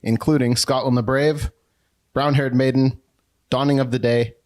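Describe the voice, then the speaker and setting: A man reads a bonus trivia question in a deadpan, mock-formal announcer style. His voice sits at an ordinary mid pitch. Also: normal speed, a little hiss or hum. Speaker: special guest reading a bonus question. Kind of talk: mock-formal quiz reading.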